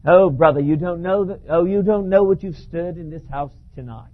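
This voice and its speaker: A man's voice: sits high, normal speed. Man doing an awed English pastor. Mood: marveling. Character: astonished male English Baptist pastor. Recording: dull lo-fi recording.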